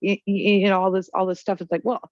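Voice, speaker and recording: A woman's voice: medium pitch, level tone, racing, no room sound. A woman from the Pacific Northwest chatting casually as co-host, rambling and hesitant with frequent laughs. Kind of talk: casual chat. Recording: dull, muffled dry audio.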